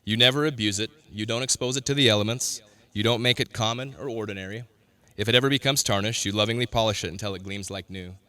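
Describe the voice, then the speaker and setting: A man officiating a wedding in a measured, formal and solemn way. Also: on the low side, sharp tone. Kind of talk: ceremonial officiating.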